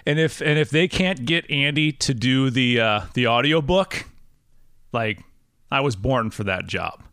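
A man's voice: medium pitch, unhurried, a bit bright, smooth. A man hosting a podcast, chatting casually in a rambling, laughing way. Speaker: podcast host. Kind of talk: casual interview chat.

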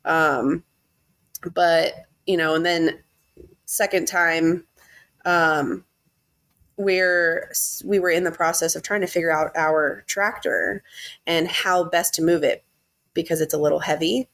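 A woman's voice: deep voice, steady tone, takes it slowly, pauses often, fairly bright tone. A woman co-hosting a podcast in casual chat, telling stories in a self-deprecating way and laughing at herself. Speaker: podcast co-host.

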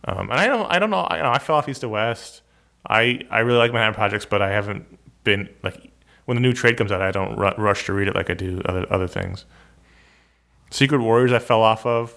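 Podcast co-host, male, bright forward tone, loose rambling delivery. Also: lowish voice, gravelly. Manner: self-deprecating, rambling with restarts. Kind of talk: casual chat.

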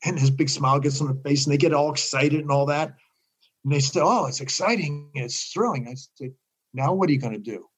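An older man telling stories as a guest in a casual interview, animated and acting out the voices of the people he quotes. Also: on the high side, a little fast, rough recording.

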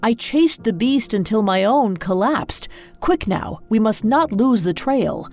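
A woman's voice: on the high side, expressive, unhurried, darkish tone. A woman voicing a grief-stricken king of knightly legend in a storybook reading, speaking in solemn, formal words. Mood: urgent.

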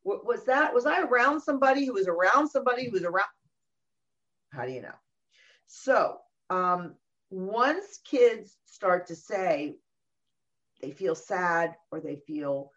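A middle-aged woman talking about parenting in a casual conversation, animated and often acting out what other people say. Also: fairly low pitch. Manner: animated, acts out quoted voices. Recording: dull lo-fi recording.

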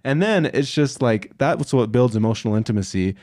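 A man's voice: mid-range voice, lively intonation, fairly quick, a little mellow, no echo, clean studio sound. A young man co-hosting a casual advice chat, earnest and encouraging, with many "like" and "you know" fillers. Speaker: podcast co-host.

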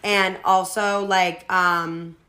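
A woman's voice: on the low side, level tone, extremely slow, sharp tone. A young woman talking as a guest in a casual, heartfelt chat, with lots of "like" fillers. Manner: heartfelt, says "like" a lot.

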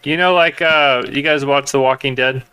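A man's voice: medium pitch, steady tone, moderate pace, pushed and bright, clear, resonant tone. A man co-hosting a casual podcast chat with playful, self-mocking banter. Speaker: podcast co-host.

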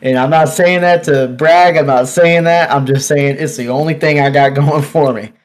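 A man in relaxed conversation, telling a long fishing story with lots of "like" and "dude" and frequent laughs. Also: a little high, moderate pace. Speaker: podcast guest angler. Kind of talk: casual storytelling chat. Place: office.

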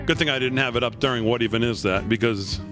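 A man hosting a live studio talk show, chatty and quick to laugh as he runs through market news. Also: mid-range voice, music in the background. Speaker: show host.

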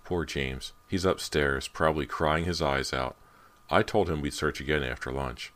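A man reading an audiobook voices an eager, sharp-tongued teenage girl, raising his voice for her insistent lines. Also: a bass voice, moderate pace.

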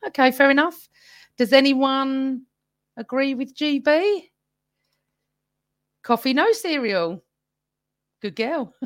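In a dry, studio-quality recording, a woman with a high, fairly bright voice runs a live-stream fan chat on her own. She talks casually with her viewers and reads out their comments as the podcast's host.

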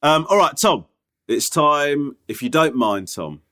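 Enthusiastic man with a lively voice. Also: on the high side, measured pace. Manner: sweary, enthusiastic, hesitant fillers. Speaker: podcast co-host. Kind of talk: casual chat.

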